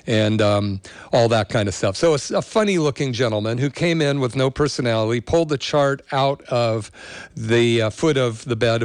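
A man's voice: medium pitch, smooth, no echo. A middle-aged man hosting a health show, telling a story in a rambling, casual way with many fillers.

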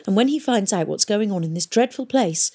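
A woman's voice: medium pitch, expressive, a little fast, mellow, husky, pitched above the performer's own voice. A woman voicing an anxious, earnest teenage girl who pleads and protests. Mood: indignant. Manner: pleading, indignant.

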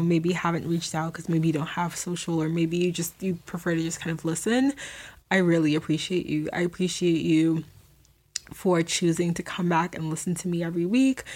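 A woman hosting her own podcast, talking alone in a casual, earnest way with many fillers and restarts. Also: lowish voice. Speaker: podcast host. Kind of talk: casual solo podcast monologue.

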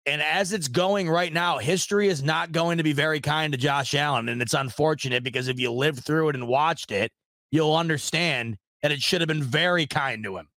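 A man's voice: fairly high pitch, fairly bright tone, dry recording, clean studio sound. Frustrated man ranting on a podcast. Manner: frustrated, rambling, self-deprecating, swears. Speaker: podcast host. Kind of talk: casual sports podcast rant.

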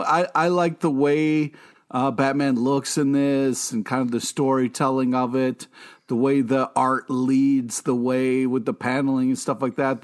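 A man co-hosting a podcast, easygoing and a little hesitant. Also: medium pitch. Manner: hesitant, easygoing, many fillers. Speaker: podcast co-host. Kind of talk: casual chat.

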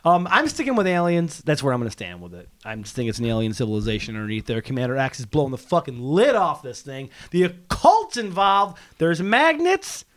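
A man's voice: medium pitch, fast, few pauses, no echo. A man co-hosting a podcast, joking and swearing in casual banter. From near Lake Ontario, across from Toronto. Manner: animated, joking, swearing freely. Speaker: podcast co-host.

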